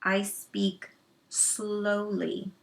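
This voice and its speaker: A woman voicing a tiny, fierce grown warrior man who grunts his words slowly and in clipped bits. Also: medium pitch, fairly bright tone.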